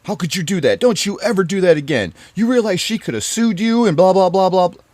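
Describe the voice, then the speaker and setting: A man mimicking his angry stepfather, shouting and scolding in a much higher voice. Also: animated, brisk, no room sound. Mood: yelling. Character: angry huge stepfather, yelling, middle-aged man.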